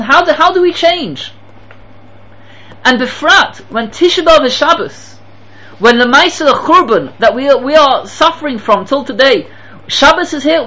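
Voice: medium pitch, pushed and bright, low-quality recording. A Torah teacher giving an impassioned sermon, telling stories and pressing rhetorical questions with emphatic repetition. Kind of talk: sermon with storytelling.

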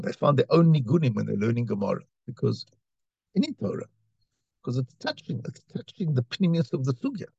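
A man's voice: medium pitch, creaky, mellow, slightly rough, no echo, lo-fi sound. A man teaching a Torah class, reading Hebrew phrases and explaining them in English, often repeating words as he searches for the next one. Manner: reads Hebrew lines then translates, with repetitions and restarts.

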